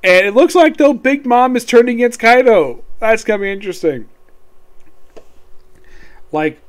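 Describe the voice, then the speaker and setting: A man casually recapping a manga chapter, rambling and reading lines aloud in quick voices. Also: very high voice, lively intonation. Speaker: manga reviewer.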